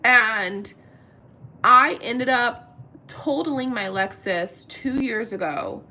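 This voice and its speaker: A woman in her thirties chatting casually on camera, retelling a story in an animated, exasperated way, quoting what people said. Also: mid-range voice, gravelly, slight background noise. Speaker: vlogger.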